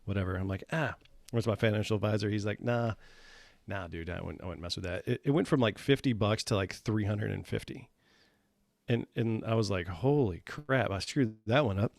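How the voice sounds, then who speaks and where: Casual guest: man, low gravelly voice, rambling delivery, dry close recording. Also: a little fast, a little mellow, dry recording. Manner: rambling, filler-heavy storytelling. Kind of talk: casual chat.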